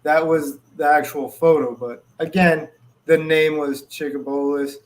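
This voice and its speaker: A man in a casual podcast chat who talks in detail, dropping Latin species names along the way. His voice sits slightly high for a man. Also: little pitch movement, unhurried. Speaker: podcast co-host.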